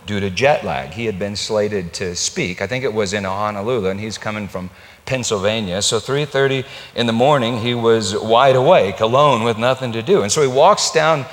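A male pastor telling a story in a sermon, animated and acting out the dialogue. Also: on the low side, normal speed. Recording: long reverb in a large hall.

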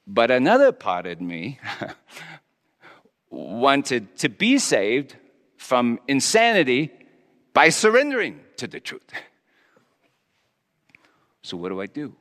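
Conflicted Roman governor, stammering, confessional, lively rising and falling pitch, long church-hall echo. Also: male voice, exaggerated voice. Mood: anxious. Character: conflicted, haunted Roman governor, middle-aged man. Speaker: guest speaker in character. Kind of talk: dramatic monologue in character.

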